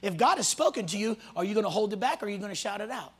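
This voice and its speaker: A male pastor preaching a sermon to a congregation, swinging from loud shouts to hushed near-whispers and acting out the voices of people he quotes. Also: sits high, lively intonation, very fast, husky. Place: church hall before a congregation.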